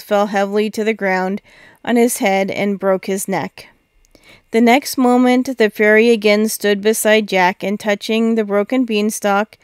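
A woman narrating a fairy tale in a steady, expressive storybook reading. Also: medium pitch, smooth, no room sound, clean studio sound. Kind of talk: storybook read-aloud.

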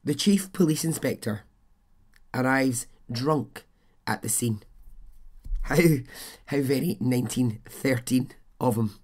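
A man's voice: medium pitch, takes it slowly, long pauses. A man hosting a podcast, telling a true-crime story in a chatty, blunt way, swearing and adding his own asides. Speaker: podcast host.

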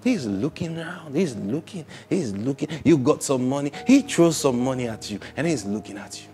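A male pastor preaching a sermon, swinging between loud emphatic bursts and soft near-whispers. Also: mid-range voice, animated, normal speed.

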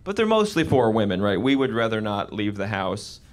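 A young man performing a live stand-up comedy set on a club stage, animated and slipping into voices for his bits. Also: lowish voice, brisk. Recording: live club recording with audience noise. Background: audience laughter.

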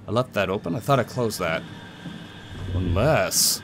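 A man's voice: lowish voice, takes it slowly, pauses often, noisy background. Goofy young man narrating gameplay. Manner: goofy, talks to objects and himself. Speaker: let's play gamer. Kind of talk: casual gameplay commentary.

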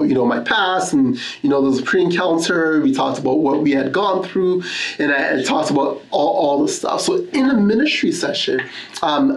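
A man preaching an earnest sermon, weaving personal testimony with Scripture readings. His voice sits a little high for a man. The sound carries the echo of a church room. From Canada. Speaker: pastor.

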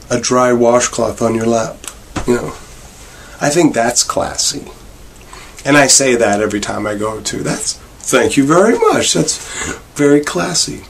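A man vlogging a rambling comic monologue with wry, meandering deadpan asides. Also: mid-range voice, gravelly, a little hiss or hum. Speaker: vlogger and bar worker.

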